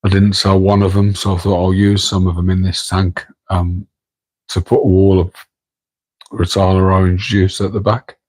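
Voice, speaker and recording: A man's voice: sits low, little pitch movement, normal speed, a little mellow, poor audio. A man with an English Midlands accent, hosting a casual late-night live stream from home, rambling and joking with viewers in chat while keeping his voice down. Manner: rambling, self-deprecating, chatting to viewers in chat; keeping his voice down so as not to wake his partner. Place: home, room next to an aquarium tank. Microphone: microphone on a tripod.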